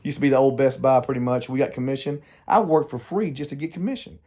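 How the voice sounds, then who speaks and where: A man's voice: medium pitch, fast talker, mellow. A middle-aged man, talking candidly to the camera in a rambling personal vlog, often trailing off and restarting. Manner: candid, meandering, self-interrupting. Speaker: vlogger.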